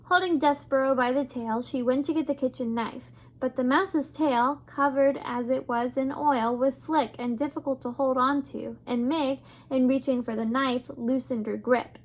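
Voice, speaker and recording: High-voiced woman reading a storybook. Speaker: reader. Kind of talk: reading a children's novel aloud.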